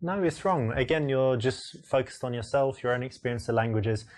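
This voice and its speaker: A man coaching in a voice-over, blunt and corrective as he points out mistakes. His voice sits at a middle pitch and stays direct. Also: fairly quick. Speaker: dating coach. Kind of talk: instructional commentary.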